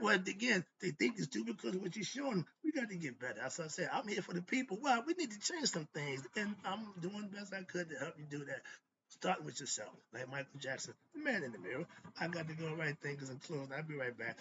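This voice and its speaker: High-voiced man ranting fiercely. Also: expressive, brisk, a bit bright, slightly rough, muffled recording. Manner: fiery, preachy and ranting; casual slangy speech. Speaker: host. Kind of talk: philosophy monologue.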